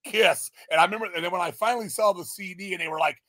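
A man in casual podcast chat, loud and swearing, mocking things he hates and breaking into shouted parodies. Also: sits high, rapid-fire, dry recording, studio quality. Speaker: podcast guest.

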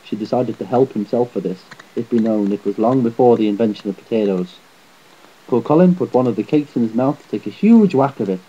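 Guy reading an old fairy tale, dark husky voice, kinda muffled home recording. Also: medium pitch. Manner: measured, unpolished delivery with slips. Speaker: storyteller.

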